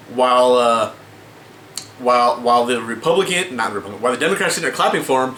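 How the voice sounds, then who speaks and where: A man's voice: mid-range voice, bright, forceful tone. Exasperated swearing man in echoey room. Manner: exasperated, swearing, many restarts and filler words. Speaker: vlogger. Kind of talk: casual ranting commentary to camera. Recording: echoey room with faint ambient noise.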